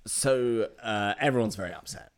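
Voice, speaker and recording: A man's voice: fairly low pitch, normal speed. A man improvising a comic story, rambling, laughing often and restarting his sentences.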